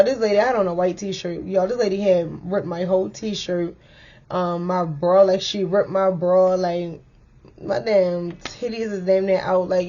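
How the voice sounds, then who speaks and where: A young woman casually telling a story to her viewers, animated and full of "like" and "y'all". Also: medium pitch, highs cut off. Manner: chatty, animated, addresses viewers as y'all with many likes.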